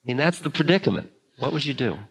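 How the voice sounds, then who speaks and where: An older man giving a spiritual talk, musing slowly with long pauses. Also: mid-range voice, expressive, gravelly, slightly rough, low-quality recording. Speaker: spiritual teacher. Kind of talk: dharma talk.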